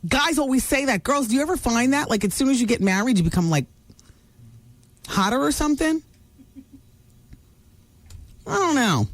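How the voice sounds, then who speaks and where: A brassy woman radio host dishes celebrity gossip with teasing commentary. Her voice swoops up and down as she talks, lively and full of attitude. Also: high voice, moderate pace, long pauses, no echo.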